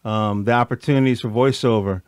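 Host, man, smooth resonant voice, relaxed and chatty, dry close recording. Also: medium pitch, fairly quick, no room sound. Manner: laid-back, trailing questions like "you know what I mean". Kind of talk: casual conversation.

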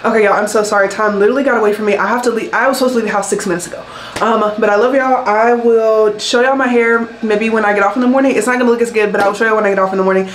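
A woman's voice: on the high side, fairly even intonation, rapid-fire, a little hiss or hum. A woman, vlogging casually at home and venting to her viewers, full of "like" and "y'all". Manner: chatty, venting, lots of "like" and "y'all". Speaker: nursing student vlogger. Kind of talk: casual vlog talk to camera. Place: at home in an apartment. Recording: roomy, slightly distant phone recording.

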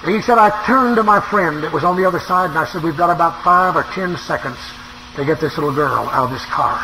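Man, evangelist preacher, sermon storytelling, high voice, bright tone, faint hiss in background. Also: fast, poor audio.

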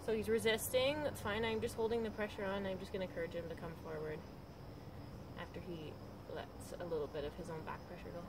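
A woman dog trainer calmly explaining, step by step, how she trains a dog. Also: quick pace, noisy background. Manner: calm, practical explaining with frequent high-pitched praise to the dog.

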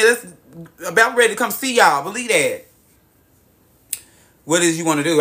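A young man hosts a casual livestream, reading out viewers' cities and chatting in an excitable, profane, drawling way, calling everyone baby and girl, into a phone mic. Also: on the high side, measured pace, pauses often. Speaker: livestream host.

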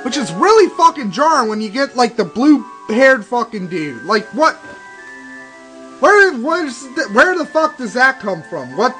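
A young man with a high, bright voice gives sarcastic, profane commentary on a game he is playing. His pitch leaps around as he rants and swears, and faint game music plays under him. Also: sing-song, measured pace, rough recording. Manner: ranting, sarcastic, swears constantly. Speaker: let's play commentator.

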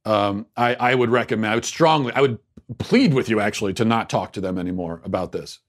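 A man's voice: fairly low pitch, fairly quick. A man hosting a talk show, giving sarcastic commentary and then answering listener emails casually, with many fillers and restarts. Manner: sarcastic, mock-outraged. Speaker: podcast host.

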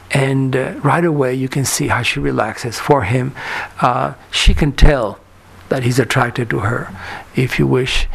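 A man at a lecture, his voice gravelly and fry-tinged at an ordinary male pitch. He tells stories at an easy pace, with many fillers. He acts out short bits of quoted dialogue along the way. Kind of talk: conference lecture on a photographer. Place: lecture hall.

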